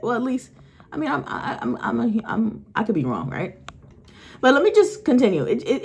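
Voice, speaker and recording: A woman's voice: on the low side, a little mellow. A woman psychic medium talks casually to her viewers at home. She rambles, restarts her sentences and often checks in with "okay?" and "right?". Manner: speaks directly to the audience. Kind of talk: casual spiritual storytelling to viewers. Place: at home with her dog nearby.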